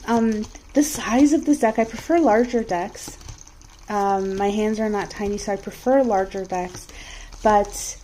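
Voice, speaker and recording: A woman's voice: medium pitch, mellow, a little hiss or hum, rough recording. Chatty woman reviewing a card deck. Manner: chatty, frequent ums and restarts. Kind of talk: casual product review while shuffling cards.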